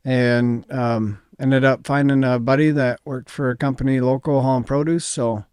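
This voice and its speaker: A man's voice: mid-range voice, steady tone, normal speed, darkish tone, clear, resonant tone, dry recording, clean studio sound. A middle-aged man with a Midwestern American accent, a company founder talking modestly and hesitantly in an interview. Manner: modest, hesitant, many ums. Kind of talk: casual interview talk.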